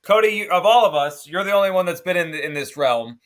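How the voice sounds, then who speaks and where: A man's voice: high voice, expressive, a little fast. A man hosting a casual sports talk show and putting questions to his co-hosts. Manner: asks questions, prompts the guest.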